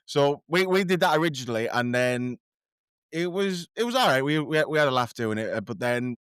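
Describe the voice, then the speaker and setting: A man's voice: medium pitch, expressive, a little fast, fairly bright tone, clear, resonant tone, dry recording, clean studio sound. A man talking as a podcast guest in a casual chat, rambling and self-deprecating, often tripping over his words.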